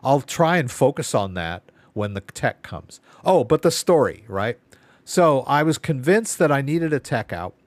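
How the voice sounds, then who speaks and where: Man rambling through a story, lively pitch. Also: unhurried, dry recording. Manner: rambling, storytelling, exasperated asides. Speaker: live Q&A host. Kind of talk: casual live-stream chat.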